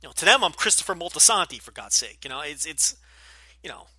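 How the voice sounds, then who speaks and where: Jersey guy with a light accent rambling and swearing on his podcast, kinda high, super bright edgy voice. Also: very animated, fast talker, breathy edge, no room sound. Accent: light New Jersey. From New Jersey. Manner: blunt, profane, rambling with many fillers. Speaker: podcast host. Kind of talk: casual Q&A podcast.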